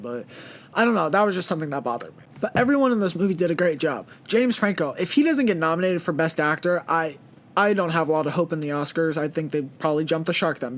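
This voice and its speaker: Young guy with a high voice doing a chill movie review, lots of "you know"s, kinda rambly. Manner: rambling, filler-heavy, earnest. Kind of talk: casual spoken movie review.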